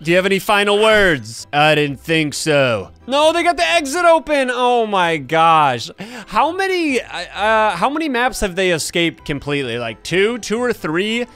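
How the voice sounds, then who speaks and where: A young man giving excited gameplay commentary, laughing often and yelling at other players. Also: high voice, normal speed, clear, resonant tone, soft background music. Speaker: gaming YouTuber.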